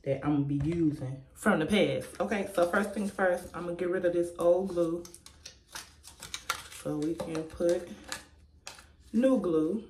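A woman's voice: lowish voice, a little slow, pauses often, darkish tone. Chatty woman vlogger in an echoey room. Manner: chatty, addresses viewers as y'all, laughs often. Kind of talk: casual makeup tutorial. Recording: echoey room, faint noise.

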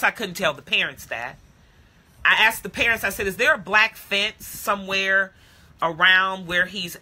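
Woman preacher, very bright tone, dramatic testimony sermon, addresses the congregation directly. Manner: dramatic, drops to a hushed low voice at solemn moments; addresses listeners directly, calls them beloved. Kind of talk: sermon storytelling. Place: home, streamed live to social media.

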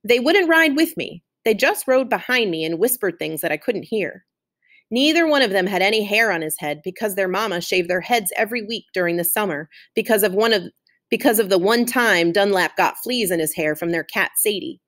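A woman's voice: medium pitch, lively intonation, a little fast, fairly bright tone. A woman teacher recapping and reading a chapter aloud to a class in a friendly, chatty way.

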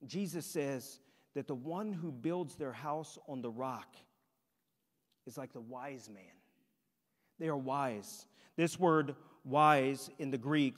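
Brief: a male pastor with a high voice, preaching emphatically through the sanctuary sound system, long reverb. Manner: emphatic, rhetorical questions to the congregation. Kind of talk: sermon. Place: church sanctuary. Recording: long church hall reverb.

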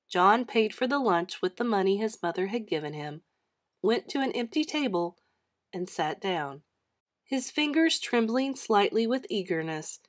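A woman reading a children's chapter book aloud with an expressive storytelling manner. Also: mid-range voice.

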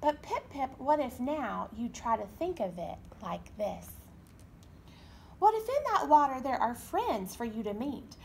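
A woman voicing a gentle, loving mother penguin in a storybook reading, speaking softly and slowly. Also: fairly high pitch, big pitch swings, creaky, slight background noise, heavily acted. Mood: soothing. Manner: soft, soothing and slow.

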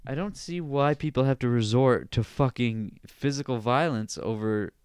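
Young guy ranting on his podcast, swears a lot, smooth clear voice, dry close mic. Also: medium pitch, normal speed, no room sound. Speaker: podcast host. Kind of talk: casual solo podcast rant.

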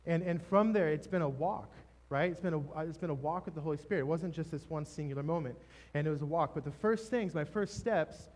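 A man preaching a sermon, telling a personal testimony in an emotional, halting way with many restarts. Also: on the high side, a little mellow. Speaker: pastor. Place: church stage.

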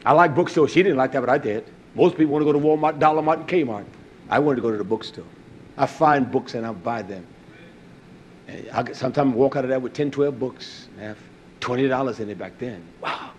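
A man preaching a sermon, emphatic, swinging between low asides and loud raised emphasis. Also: a little fast, a little hiss or hum.

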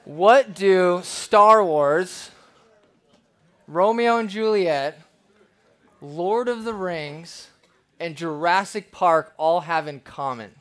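A man preaching a sermon as pastor, conversational and lively, with playful asides. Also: high-pitched, takes it slowly, pauses often.

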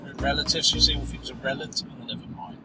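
A man's voice: extremely high pitch, huge pitch swings, quick pace, over music. Giggly man chatting while driving. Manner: jokey, giggly, self-mocking. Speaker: vlogger, driver. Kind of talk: casual chat. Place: in a car. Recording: distant voice over car noise.

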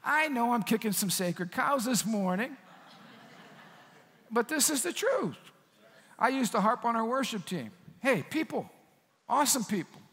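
A man preaching a sermon as pastor, in a conversational, animated style with asides to the congregation. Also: very high-pitched, measured pace, pauses often, husky, in a large hall. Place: church sanctuary.

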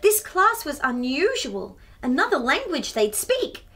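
A woman's voice: high voice, very animated, unhurried, sharp tone. A woman reading a picture book aloud to children, adding chatty asides with gasps and giggles. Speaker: children's storyteller.

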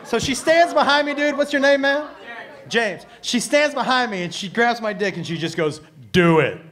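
A middle-aged man doing loud, profane, animated stand-up comedy in a comedy club, speaking into a handheld mic. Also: very high-pitched, normal speed, a crowd in the background. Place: comedy club stage before a live audience.

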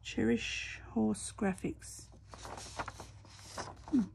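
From her home crafting table, a craft channel host talks to the camera at a relaxed pace, her voice a little high. Quiet, murmured asides accompany each step she works through, and a steady noise clearly runs under the recording.

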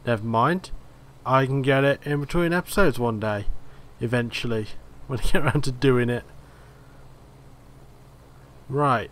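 A man's voice: mid-range voice, measured pace, pauses often, fairly bright tone. A man hosting a gaming video, casually commenting as he plays and thinking aloud in a rambling way. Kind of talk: let's play commentary.

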